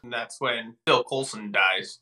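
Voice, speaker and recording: A man's voice: medium pitch, unhurried, bright, forceful tone. A young man co-hosting a casual podcast, chiming in with short dry quips. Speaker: podcast co-host.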